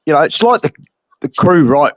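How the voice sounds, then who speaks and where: An Australian man chatting casually on a podcast, rambling and halting, searching for his words. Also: fairly high pitch, animated, no room sound. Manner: rambling, halting, full of fillers. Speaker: podcast co-host. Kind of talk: casual chat. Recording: dull lo-fi sound.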